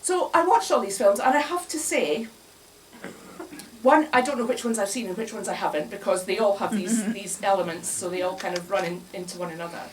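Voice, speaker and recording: Brisk and mid-range in voice, a woman performs a comedic talk for a live crowd inside a bar, chatty and wry and frequently laughing at her own jokes. The mic is distant, with a faint hum of room noise.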